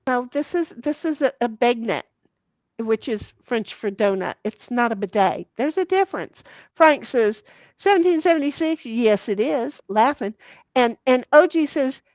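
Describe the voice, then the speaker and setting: High-pitched lady streamer reading comments out loud, swears a lot, laughs easy, dull dry lo-fi audio. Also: lively intonation, unhurried, dry recording. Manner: salty, swears freely, giggly. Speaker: livestream host. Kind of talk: casual livestream chat, reading comments aloud.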